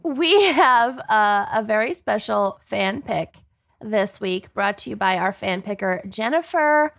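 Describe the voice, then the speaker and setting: A woman's voice: mid-range voice, lively intonation, measured pace, gravelly, a bit bright. A woman co-hosting a podcast in casual, jokey chat, cursing freely. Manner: upbeat, jokey, swears freely. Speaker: podcast co-host.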